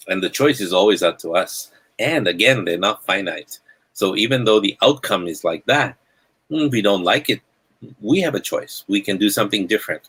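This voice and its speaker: A man's voice: on the low side, a bit bright, breathy edge, poor audio. A man hosting a live podcast in casual chat, blunt and rambling, often repeating words as he starts a thought. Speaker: podcast host.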